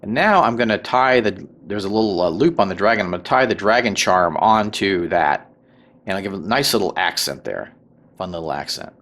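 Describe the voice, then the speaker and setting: A man hosting a tabletop crafting tutorial, talking through each step in a relaxed way with many fillers and little check-ins. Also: low voice, a little fast. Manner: relaxed, filler-heavy, checks in with "right?" and "okay?". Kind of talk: casual craft tutorial voice-over.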